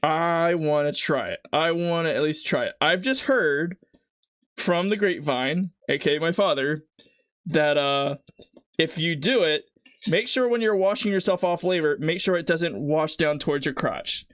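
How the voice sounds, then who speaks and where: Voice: mid-range voice, moderate pace, dry recording, clean studio sound. A live streamer chatting casually and rambling while cooking at home, teary-eyed from an onion and poking fun at themself. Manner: rambling, chatty, self-mocking. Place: home kitchen.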